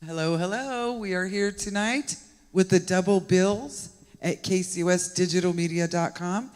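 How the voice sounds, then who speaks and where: A high-pitched man co-hosts a live radio show, giggling and teasing his partner in playful banter. His voice rings with the long reverb of the venue room. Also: normal speed, clear, resonant tone. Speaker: radio co-host.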